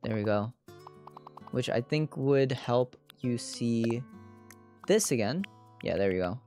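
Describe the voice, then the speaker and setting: A woman streaming a video game, talking through every step in a lively voice that swoops up and down. She chats casually and throws in sudden squealing shouts, with soft game music playing faintly behind her. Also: extremely low pitch, slow. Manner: chatty narration of her own actions, with sudden squealing outbursts. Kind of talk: casual livestream gameplay commentary.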